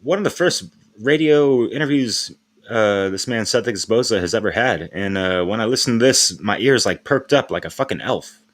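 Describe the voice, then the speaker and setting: A man with a somewhat low voice hosts his live stream in an easygoing, meandering chat. He drops street slang, laughs often and drifts between thoughts. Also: animated, moderate pace. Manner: laid-back, rambling, slangy, laughs often.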